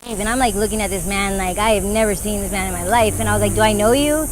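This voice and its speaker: A woman's voice: medium pitch, steady tone, fast, noisy background. A woman in her thirties from Arizona, telling her story in a candid street interview, full of "like" fillers. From Arizona, USA. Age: 30s. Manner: rambling storytelling with many "like" fillers. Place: outdoors on a city street.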